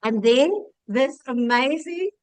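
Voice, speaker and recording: A woman's voice: high-pitched, expressive, takes it slowly, dry recording, rough recording. A South African woman in her fifties telling her personal story on a video call webinar, emotional and earnest, with frequent restarts. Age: 50s. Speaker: guest speaker.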